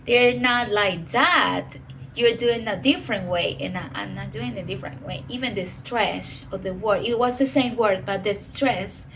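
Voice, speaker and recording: A woman in her twenties with a Venezuelan Spanish accent, a native Spanish speaker who talks about herself in halting English and often says "okay". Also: medium pitch, a little hiss or hum, low-quality recording. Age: 20s. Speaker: professor. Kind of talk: personal monologue.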